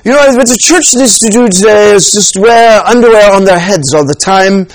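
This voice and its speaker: A man's voice: sits high, normal speed, no echo, close to an everyday voice, low-quality recording. A man putting on a pompous mock British accent.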